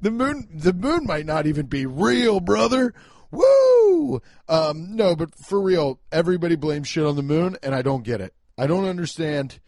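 A young man with a fairly high voice hosts a solo podcast, ranting loudly and emphatically, swearing and laughing at his own slips. He sounds close and dry, with no room around him. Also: lively intonation, normal speed, hardly any pauses, no echo. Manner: loud, emphatic, swearing, self-mocking. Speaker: podcast host. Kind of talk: casual solo podcast rant. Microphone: home podcast mic.

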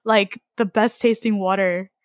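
A young woman chatting on a podcast, quick to giggle and to question what she hears with disbelief. She swears casually and keeps things loose. Her voice sits in a middle range and sounds dry and close to the mic. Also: mid-range voice, fairly even intonation, no room sound. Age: young adult. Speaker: podcast co-host. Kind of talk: casual chat.

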